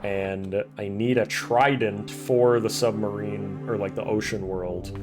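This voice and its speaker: A man's voice: on the low side, fairly even intonation, a little slow. A man streaming a horror game, joking casually and reading in-game text aloud as he plays. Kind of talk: casual let's-play commentary. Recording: game music behind voice.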